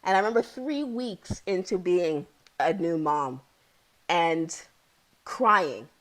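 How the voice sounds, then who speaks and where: A woman's voice: fairly low pitch, animated, takes it slowly, a bit bright, low-quality recording. A woman in her thirties or forties, a psychotherapist guest, telling her own story candidly and with feeling, often repeating key phrases. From Ontario, Canada.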